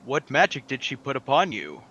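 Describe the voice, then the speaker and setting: A man playing a tabletop game, speaking slowly and grandly in character as a noble warrior. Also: medium pitch, huge pitch swings, bright, forceful tone, breathy edge, dull audio. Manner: slow, grand, questioning in character. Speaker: player. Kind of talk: in-character tabletop role-play.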